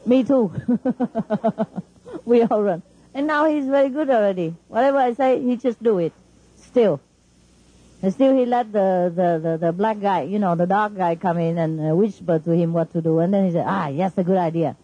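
A woman's voice: mid-range voice, normal speed, warm tone, highs cut off. A woman spiritual teacher talking informally and emphatically to her followers, laughing often and speaking in non-standard English.

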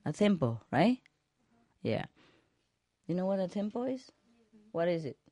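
A woman, a spiritual teacher, telling jokes to a group in a slow, chuckling way, often checking whether her listeners follow. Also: lowish voice, sing-song, warm tone, no echo.

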